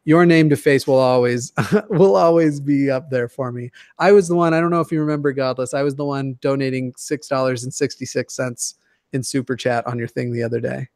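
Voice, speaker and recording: A man's voice: mid-range voice, fairly even intonation, brisk, darkish tone, no echo, studio quality. Joking, foul-mouthed man in his twenties. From Denver area, USA. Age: 20s. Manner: profane, joking, rambling. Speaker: guest YouTuber. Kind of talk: casual chat.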